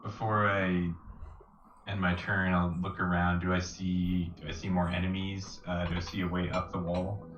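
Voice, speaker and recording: Deep, distant, hesitant player. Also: flat delivery, moderate pace. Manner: hesitant, full of uh and um. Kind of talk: casual tabletop play over a call. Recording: distant, dull, echoey audio with loud music.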